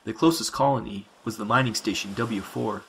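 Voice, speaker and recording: Low-voiced man reading sci-fi fiction. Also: gravelly, a bit bright, slight background noise, poor audio. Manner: measured, dramatic storytelling. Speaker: narrator.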